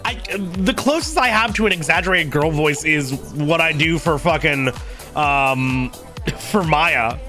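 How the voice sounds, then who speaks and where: A male streamer chats his way through a game session in a high, bright voice that swings up and down. He rambles and jokes, trips over his own restarts, and swears now and then. Faint music sits underneath him. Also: expressive, a little slow. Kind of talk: casual live-stream chat while playing and voicing a game.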